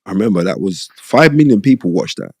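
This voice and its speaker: A middle-aged man, a podcast guest, telling stories in an animated, rambling, streetwise way with a lot of repetition. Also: low voice, fast, no echo, studio quality. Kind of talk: casual storytelling interview. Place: podcast studio.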